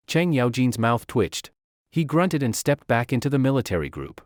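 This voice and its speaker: Male recap narrator, expressive mid-pitched voice, dry close mic. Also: moderate pace, no room sound.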